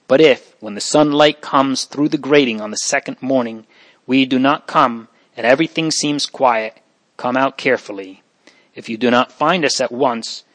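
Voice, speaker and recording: A man's voice: mid-range voice, no echo, lightly acted. A man voicing a brave young nobleman boy who speaks with earnest urgency.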